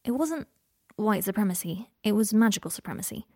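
A woman voicing a caring young wizard man in a storybook reading, speaking softly. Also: mid-range voice, animated, brisk. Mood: earnest.

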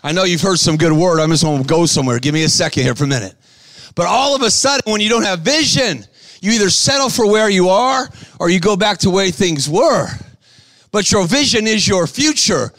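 A man preaching a sermon to a live crowd, shouting to rouse the audience and calling for responses. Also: high voice, animated, no echo. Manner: bursts of quick patter between slow, stressed lines.

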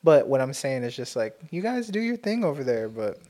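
A man's voice: mid-range voice, very animated, brisk, dark tone. A man from the United States co-hosting a casual podcast chat, teasing his friend and swearing casually. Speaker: podcast co-host.

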